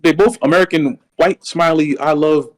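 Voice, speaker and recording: A man co-hosting a podcast in casual wrestling chat. He has a slight lisp and rambles excitedly, repeating words when worked up. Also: fairly high pitch, moderate pace, rough recording. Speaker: podcast co-host.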